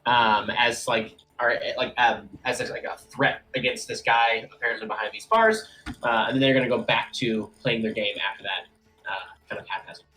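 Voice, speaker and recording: A man running a tabletop game as game master, talking in a relaxed way with many fillers. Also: medium pitch, normal speed, rough recording.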